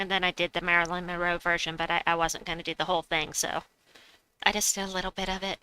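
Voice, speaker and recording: A woman's voice: lowish voice, flat delivery, quick pace, pushed and bright, clean tone, low-quality recording. A woman streaming a game, chatting casually, reading viewers' messages aloud and laughing often. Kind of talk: casual live-stream chat.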